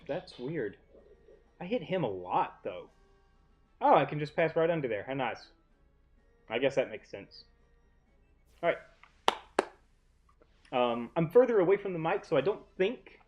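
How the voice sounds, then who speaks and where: A man's voice: mid-range voice, darkish tone. A young man hosting a casual gaming playthrough from his living room, rambling and self-deprecating as he talks. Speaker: let's play host. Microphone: desk mic off to one side, often facing away.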